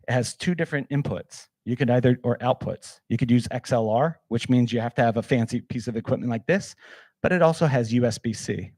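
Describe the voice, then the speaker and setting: Man, workshop presenter, casual, energetic, mellow voice, dry sound. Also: medium pitch, dry recording. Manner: casual, energetic, demonstrates gear, many fillers. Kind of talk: live workshop talk.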